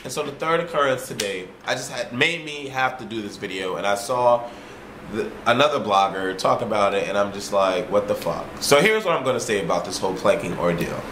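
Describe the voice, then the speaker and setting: In a casual, ranting vlog monologue, a man with a fairly low voice tells his story animatedly and fairly quickly, swearing freely and repeating himself. The background is noisy and the recording has a roomy echo.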